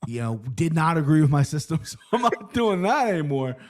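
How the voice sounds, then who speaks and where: A man's voice: on the high side, a little fast. Rambling, profane man telling stories. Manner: rambling, profane, animated storyteller. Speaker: podcast co-host. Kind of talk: casual storytelling chat.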